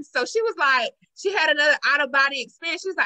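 A woman hosting a casual podcast chat, telling a story with animated acted-out quotes. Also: high-pitched, a little fast. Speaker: podcast host.

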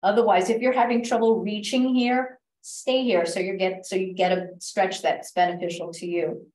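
A woman instructor guiding a stretch class with calm, step-by-step cues and gentle reminders, recorded in a library class room. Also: mid-range voice, moderate pace. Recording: echoey room, voice from a distance.

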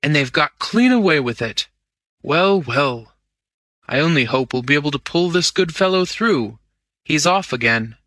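A man voicing a brisk aristocratic lord who gives clipped, commanding orders. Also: a little high, expressive, pushed and bright, dry recording, clean studio sound. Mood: grave.

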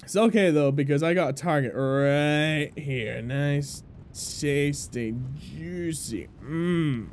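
A young woman giving loud, excitable gameplay commentary, swearing and laughing often. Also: low-pitched, slow pace, slight background noise. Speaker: gameplay streamer.

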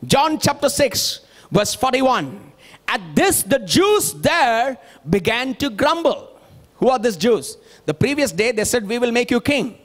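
A male pastor delivers a sermon with a strikingly high-pitched voice. He preaches emphatically and throws rhetorical questions out to his listeners. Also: very animated, slow, fairly bright tone.

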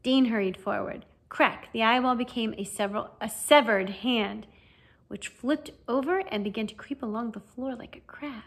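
A woman narrating a children's fantasy novel as an audiobook reader, with a lively, expressive reading. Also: on the high side, normal speed. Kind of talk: storybook narration.

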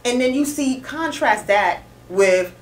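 A woman journalist hosting a casual talk show, telling stories with lively emphasis, recorded in an echoey room. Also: a little high, slow pace. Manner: lively, emphatic storytelling with quoted voices. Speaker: journalist host. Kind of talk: casual chat.

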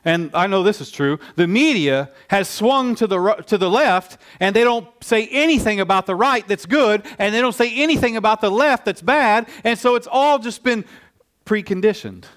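His high voice moves at a moderate pace as he preaches, spinning the sermon into an animated, conversational tale. The pastor often backs up and begins his phrases again.

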